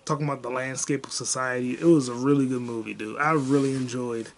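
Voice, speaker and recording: A young man hosting a podcast alone, ranting about a movie in a profane, rambling way, with bursts of excitement. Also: medium pitch, quick pace, gravelly. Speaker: podcast host. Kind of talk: casual solo movie review rant.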